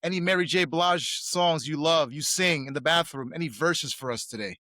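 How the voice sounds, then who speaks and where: A man hosting a podcast interview, upbeat, asking questions and hyping his guest along with quick affirmations. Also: fairly high pitch, sharp tone, no echo, studio quality. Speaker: podcast host. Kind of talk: casual interview.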